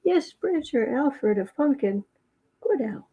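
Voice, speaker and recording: A tarot reader hosting a livestream chats casually and reads out viewer comments, cooing softly to her pet cat between readings. Her soft-spoken voice sits high with lively intonation and a slow pace, and the audio sounds narrow and tinny.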